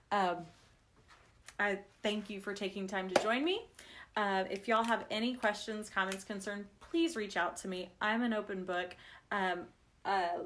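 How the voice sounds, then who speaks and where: A woman's voice: mid-range voice, a bit bright, slight background noise. A woman talks to her viewers during a live craft session. She is chatty and affectionate, telling family stories and laughing through them. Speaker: craft livestream host. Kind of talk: casual craft livestream chat.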